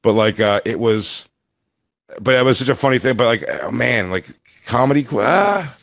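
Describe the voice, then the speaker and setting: Low-voiced man telling rambling stories. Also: moderate pace, gravelly, fairly bright tone, no room sound. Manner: rambling storyteller, lots of fillers. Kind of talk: casual comedy podcast chat.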